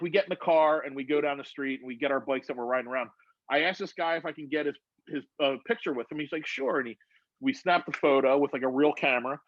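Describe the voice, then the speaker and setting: A man's voice: mid-range voice, dry recording, dull audio. A man telling a rambling, profane story in casual chat over a video call on his phone. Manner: rambling, profane, animated retelling. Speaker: guest storyteller.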